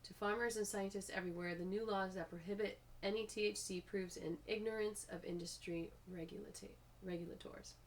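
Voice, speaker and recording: A woman's voice: mid-range voice, a little hiss or hum. A woman hosting a video, reading public comments aloud and breaking off with frustrated asides of her own.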